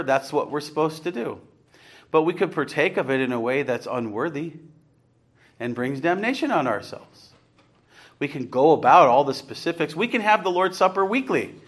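A man's voice: a little high, animated, moderate pace, fairly bright tone. A man preaching an earnest, conversational sermon, rising to emphatic points and putting questions to his congregation. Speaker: pastor.

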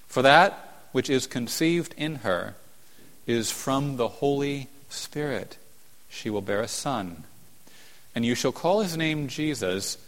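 A man preaching a sermon as a pastor, earnest, rising to emphatic peaks and falling to hushed tones. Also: mid-range voice. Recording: long hall reverb.

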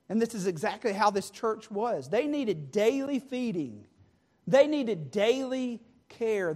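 A man preaching a sermon, moving from calm, plain teaching into impassioned, shouted pleas. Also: high-pitched.

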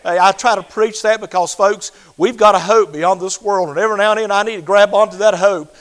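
An older man preaching a sermon, swinging between loud fervent passages and hushed, quiet ones. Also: high voice, steady tone, a little fast, poor audio.

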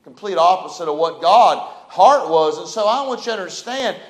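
A man preaches in an emphatic style, quoting Bible verses, pressing his point, and offering a short prayer. His high voice is animated and moves at normal speed, recorded in an echoey room.

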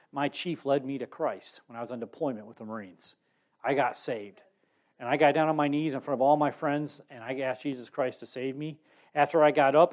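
A middle-aged man preaching a sermon, telling his own story with sudden swings between loud and hushed. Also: medium pitch. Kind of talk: sermon testimony.

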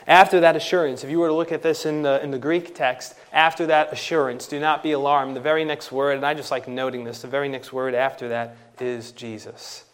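A man preaching an expository sermon, emphatic, slowing down and rising in pitch on key phrases. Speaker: pastor.

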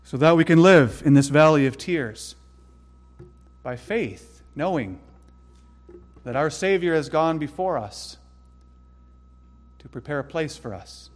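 Pastor guy preaching, kinda high voice, goes quiet then loud, long church echo. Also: animated, slow, pauses often, soft background music. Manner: earnest, with hushed passages and sudden loud emphasis. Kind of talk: sermon.

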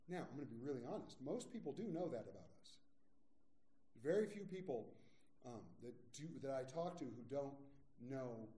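A man in his forties preaching a sermon as pastor, telling a personal story in a conversational way with quick acted quotes. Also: mid-range voice, warm tone, roomy sound. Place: church sanctuary.

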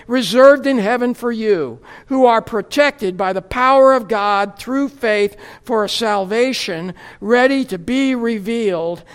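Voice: mid-range voice, clear, resonant tone. A preacher from the United States giving a sermon, with wry, humorous asides before earnest scripture teaching.

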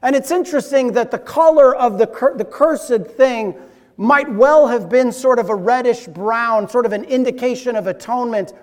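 High-voiced preacher in a reverberant church. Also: male voice, moderate pace. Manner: earnest, varies loudness and drops low for emphasis. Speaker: pastor. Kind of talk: sermon. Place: church sanctuary.

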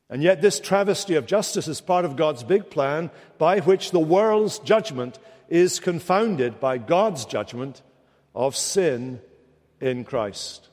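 Middle-aged preacher guy, dramatic sermon, bit high-pitched, big echoey church. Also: a little mellow. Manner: dramatic, rising to impassioned rhetorical questions. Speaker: pastor. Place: church sanctuary. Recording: long church reverb.

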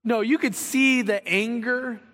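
A man preaching a sermon as pastor, reading scripture aloud and acting out quotes with animated emphasis. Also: very high-pitched, a little slow, big-room sound.

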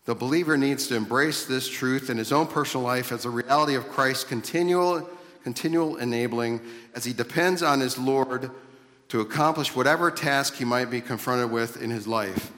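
A man's voice: mid-range voice, moderate pace, a bit bright. A male preacher with a mid-range voice delivers an earnest teaching sermon, circling back over his phrases as he explains. His voice carries a long reverb from a large hall. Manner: earnest teaching tone, explaining Greek grammar with repeated phrases and restarts.

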